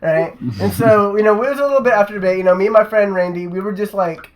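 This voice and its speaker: High-voiced young man telling a rambling story. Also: fast, rough recording. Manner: rambling, profane, keeps adding "right?". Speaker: podcast host. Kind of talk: casual storytelling.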